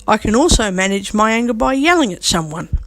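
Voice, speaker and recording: A woman's voice: on the high side, very animated, fairly quick, a bit bright, no echo. A woman vlogging to camera, talking bluntly and defiantly and hammering the same points again and again. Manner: defiant, emphatic, repeats her points; blunt, with coarse language. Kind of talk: unscripted talk to camera.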